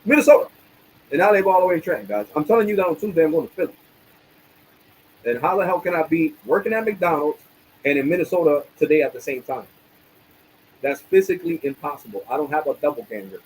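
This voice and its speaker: A man's voice: a little high, expressive, quick pace, a little mellow, slight background noise, poor audio. A man ranting angrily on his livestream, swearing often and using casual streetwise slang. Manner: angry, profane ranting.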